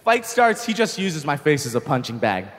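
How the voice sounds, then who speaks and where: A young man doing stand-up comedy, telling a story in an animated way, swearing freely and acting out shouts. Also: a little high, normal speed, long reverb tail.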